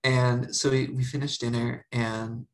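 A woman's voice: rumbling low, measured pace, rough recording. A young woman co-hosting a podcast, telling a personal story in casual chat and acting out her family's lines. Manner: animated, acts out family members' voices. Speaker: podcast co-host.

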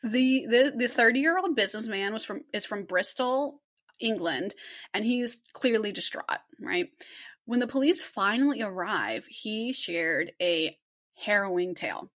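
A woman's voice: mid-range voice, expressive, a little slow, fairly bright tone. Young woman podcast host, giggly and chatty, reads her true crime script. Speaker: podcast co-host presenting the case. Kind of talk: casual true crime chat.

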